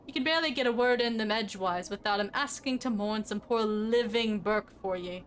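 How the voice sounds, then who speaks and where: A woman voicing a gruff, weary male gravedigger in a game, with a slow, resigned drawl. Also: mid-range voice, slight background noise, natural voice.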